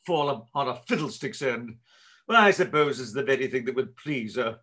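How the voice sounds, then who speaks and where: A man reading a part aloud in a live play reading, blustering and gruff. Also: mid-range voice, lively intonation, moderate pace, a bit bright. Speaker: volunteer reader playing Sir Anthony.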